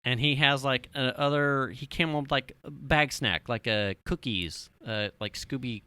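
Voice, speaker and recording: On a casual podcast, a male co-host in his thirties tells a family story with a clear, resonant, medium-pitched voice at a moderate pace, with no echo. He's animated, swears freely, and acts out what people said.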